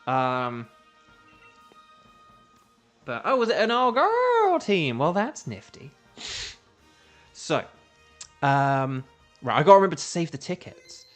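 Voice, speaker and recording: A young man chatting casually while streaming a game, rambling with lots of fillers and restarts and bursts of excitement. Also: fairly high pitch, takes it slowly, long pauses, soft background music. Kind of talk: casual gaming commentary.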